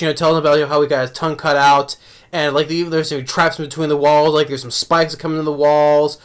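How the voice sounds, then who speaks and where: A man's voice: a little high, smooth. A young man casually reviewing a movie, rambling with many restarts and laughs.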